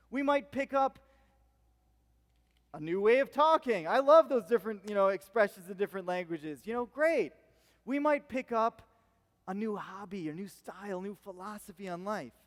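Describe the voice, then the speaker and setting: High-voiced pastor in a reverberant hall. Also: male voice. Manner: conversational, rambling with fillers and restarts. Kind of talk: sermon. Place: church hall.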